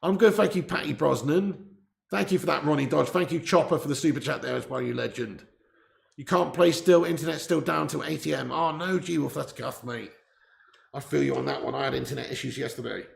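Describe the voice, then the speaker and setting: A man's slightly high, creaky voice moves a little fast as he hosts a live football watch-along stream. He keeps things casual, laughing often and reading viewer messages. The audio comes from a far-placed laptop mic with its gain raised, in an echoey indoor room.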